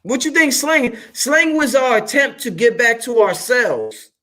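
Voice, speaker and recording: Guy with a pretty high voice ranting casually to his viewers, swears a lot, animated. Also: measured pace. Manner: animated, shouts curse words for emphasis; freewheeling, emphatic and profane. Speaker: channel host. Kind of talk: casual monologue to camera.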